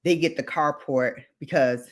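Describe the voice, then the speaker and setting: A woman co-hosting a casual livestream chat, telling a story in an animated way and acting out the quotes. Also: low-pitched, unhurried. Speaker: livestream co-host.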